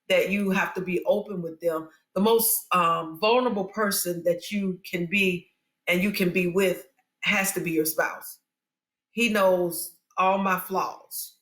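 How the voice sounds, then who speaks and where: A woman's voice: fairly low pitch, fairly bright tone, reverberant. A middle-aged woman talking candidly on a podcast, open and confiding with playful asides. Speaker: guest, spiritual mother.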